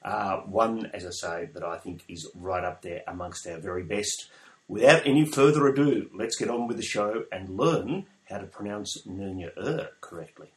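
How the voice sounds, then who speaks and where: A middle-aged man hosts a podcast in an upbeat, enthusiastic way, with a fairly low voice. He leans on filler words as he talks. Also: normal speed. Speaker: podcast host. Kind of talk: casual interview podcast.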